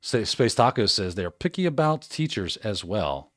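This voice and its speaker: A man's voice: on the low side, big pitch swings, normal speed, dry recording, clean studio sound. A man hosting a livestream in casual chat, reading out viewer comments, joking and laughing often. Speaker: livestream host.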